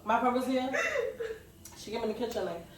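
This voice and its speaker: A woman guest on a podcast, chiming in with quick, laughing remarks. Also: on the high side. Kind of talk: casual chat. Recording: very echoey distant room with noise.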